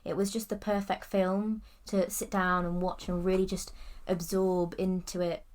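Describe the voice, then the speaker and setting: A woman's voice: fairly low pitch, little pitch movement, measured pace, darkish tone. Chatty young woman reviewing a film. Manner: chatty, giggly, lots of "like" and "kind of". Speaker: podcast co-host. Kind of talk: casual film review chat.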